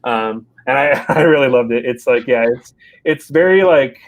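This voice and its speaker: A man's voice: medium pitch, moderate pace, low-quality recording. A man co-hosting a casual podcast chat, rambling with lots of restarts. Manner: rambling, many fillers and restarts. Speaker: podcast co-host.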